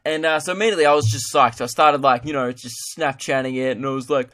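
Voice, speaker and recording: A man's voice: medium pitch, fast, fairly bright tone. A young Australian man hosting a podcast, rambling through a casual comedic monologue and laughing at his own jokes. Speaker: podcast host.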